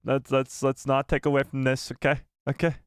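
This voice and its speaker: A young man hosting a casual live stream, excitable and joking as he talks straight to his chat. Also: mid-range voice, moderate pace, smooth, no echo, clean studio sound.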